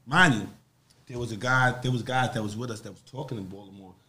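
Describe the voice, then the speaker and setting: A man's voice: mid-range voice, fast. A man from Harlem with a New York accent, a podcast guest telling rambling, profane stories in casual chat. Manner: animated, profane, rambling storyteller.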